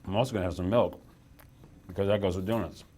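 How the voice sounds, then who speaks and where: A man's voice: deep voice, steady tone, quick pace, warm tone, slight background noise. A young man hosting a casual live stream from a small office room, chatty and self-deprecating as he reads the chat aloud.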